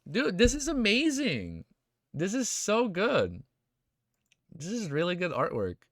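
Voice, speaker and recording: Young dude streamer, swears a lot, gets all choked up, voice jumps around a lot, close dry mic. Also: male voice, high-pitched, a little slow, no echo. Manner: emotional, excitable, swears often, says dude and bro. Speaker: streamer reacting to fan art. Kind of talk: casual live-stream reaction.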